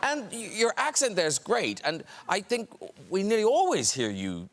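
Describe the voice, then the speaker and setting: A man with an Irish accent hosting a chat show, asking guests teasing, animated questions. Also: high voice, normal speed. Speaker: talk show host. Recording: studio with audience laughter.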